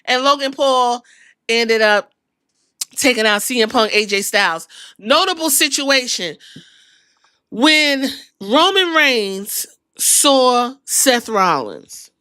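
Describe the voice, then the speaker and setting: Animated, profane woman podcast host. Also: fairly high pitch, no room sound. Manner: animated, profane storytelling with acted-out quotes. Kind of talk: casual wrestling recap.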